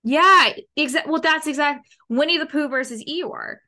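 A woman's voice: high voice, moderate pace, sharp tone. A woman hosting a casual interview over a video call, chatting in a bubbly, upbeat, storytelling way. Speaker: podcast host.

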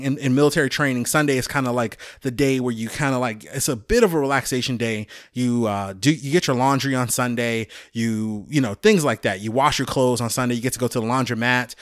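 A man in his forties from Chicago, talking casually as a podcast host. He tells loose, rambling stories and laughs at himself along the way. His voice sits at an ordinary pitch, and the sound is dry and close. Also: fairly bright tone, no echo. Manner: rambling, chatty storyteller who laughs at himself.

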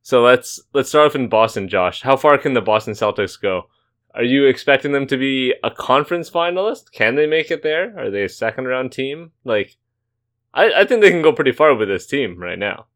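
A man's voice: mid-range voice, lively intonation, fairly bright tone. A man hosting a casual sports podcast, joking around, laughing easily and rattling off stats. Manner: jokey, laughs easily, rapid-fire stats. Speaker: podcast host.

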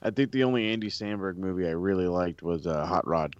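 An excitable man in casual podcast banter, with a somewhat low voice and plenty of swearing. His mic sounds dull and lo-fi, with a dry, close feel. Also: brisk, no echo. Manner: excitable, swears a lot, laughs often. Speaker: podcast co-host. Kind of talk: casual chat.

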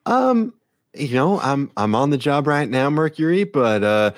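A man's voice: medium pitch, sing-song, a little slow, no echo, clean studio sound, voice pushed up. A man voicing a polite, flustered woman police officer with a put-on who repeats words as she hesitates.

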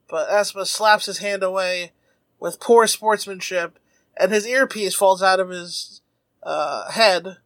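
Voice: mid-range voice, fairly bright tone, no room sound. A podcast host recapping an episode in casual comedic chat, jumping into silly character voices as the story goes.

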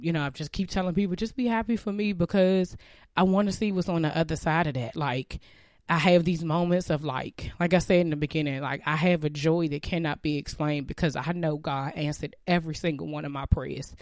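A woman's voice: low voice, no echo, studio quality. Heartfelt woman sharing a faith testimony. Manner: heartfelt, reflective, emotional. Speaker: speaker sharing her testimony.

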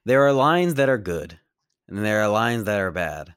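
A man co-hosting a casual movie review podcast, animated and profane, yelling now and then. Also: lowish voice, normal speed, clean tone, no room sound, studio quality. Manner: animated, swears a lot, yells in excited bursts. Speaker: podcast co-host.

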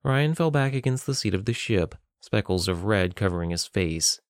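A man narrating a novel in a measured, even storytelling voice on a close mic. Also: fairly low pitch, no room sound. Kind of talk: scripted audiobook narration.

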